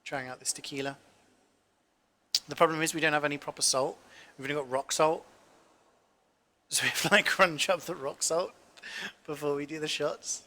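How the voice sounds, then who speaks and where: A man's voice: fairly high pitch, steady tone, normal speed, pauses often, pushed and bright. A man in his twenties, a cooking streamer, rambling through casual stories with lots of fillers and the odd swear in a home kitchen. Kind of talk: casual chat while cooking.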